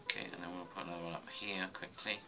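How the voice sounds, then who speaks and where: A man's voice: low voice, level tone, fast talker, low-quality recording. A man giving a casual drawing tutorial, muttering and rambling to himself as he sketches. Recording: music playing underneath. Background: music.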